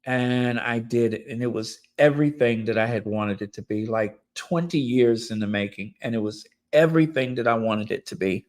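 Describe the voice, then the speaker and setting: A man hosting a live stream, slowly reading member messages and thanking them, and he gets openly emotional and effusive. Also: medium pitch. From United States.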